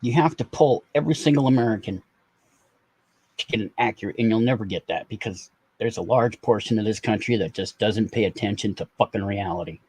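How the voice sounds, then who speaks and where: A live stream host chatting casually and bluntly with some swearing, who drops into high baby talk and meows at a pet cat between remarks. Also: brisk, a little mellow, husky.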